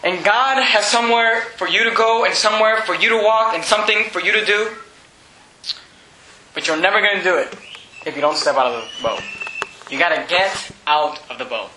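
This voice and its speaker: A man preaching a sermon as pastor, fervent and loud, shouting at times and then dropping low. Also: moderate pace, reverberant, low-quality recording.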